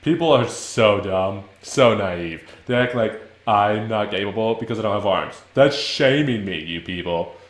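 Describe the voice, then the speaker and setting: A man's voice: fairly low pitch, expressive, measured pace, few pauses, reverberant. A man voicing a proud male worm adventurer who speaks pompously about himself. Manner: pompous, self-important.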